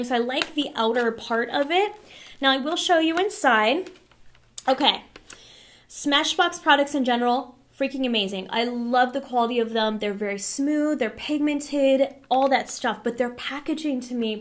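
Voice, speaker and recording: A woman's voice: high-pitched, slight background noise. A woman in a casual beauty vlog, chatty and enthusiastic with frank opinions, a little winded from a cold. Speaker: beauty vlogger reviewing palettes. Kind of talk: casual product review.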